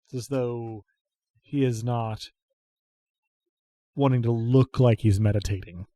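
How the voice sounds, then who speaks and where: A man narrating a tabletop role-playing game as game master, quietly voicing the characters in an unhurried way. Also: mid-range voice, fairly even intonation, dry recording.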